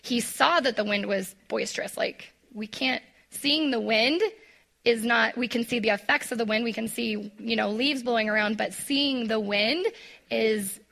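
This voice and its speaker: A woman's voice: a little high, moderate pace, creaky, pushed and bright. A woman leading a women's Bible study in a casual devotional talk. She speaks chattily, uses lots of "like," acts out quotes, and addresses the listeners directly. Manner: talks to the audience directly.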